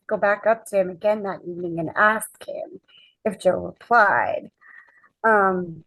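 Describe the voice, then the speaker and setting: Woman, podcast guest, casual storytelling, gravelly voice, dry close sound. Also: mid-range voice, no echo, low-quality recording. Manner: lively anecdote-telling, acting out quoted dialogue.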